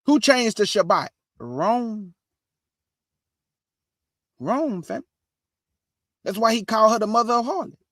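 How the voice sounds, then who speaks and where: High-voiced preaching man, dry sound. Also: expressive, normal speed, pauses often, bright, forceful tone, no room sound. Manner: preachy, calls audience family, answers imagined questions. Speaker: online preacher, show host. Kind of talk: street-style sermon on prophecy.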